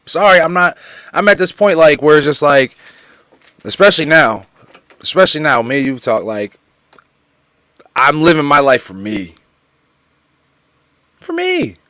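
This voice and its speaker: A man co-hosting a podcast, talking in a lively, slangy, repetitive way and reading listener comments. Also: on the high side, a little slow, long pauses, no room sound. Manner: animated, repeats himself, slangy. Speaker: podcast co-host. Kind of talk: casual podcast chat.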